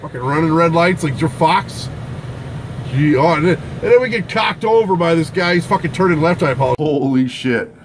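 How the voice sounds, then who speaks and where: A man rambling through a casual vlog, swearing constantly and breaking into loud outbursts. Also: fairly high pitch, animated, fairly quick, a little hiss or hum. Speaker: vlogger at a vape shop. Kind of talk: casual profane vlog chat.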